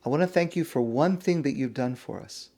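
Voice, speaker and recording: A man's voice: medium pitch, a little fast, dark tone, natural voice. A man voicing an earnest, heartfelt sixteen-year-old boy within a story he is telling, speaking with rising emphasis.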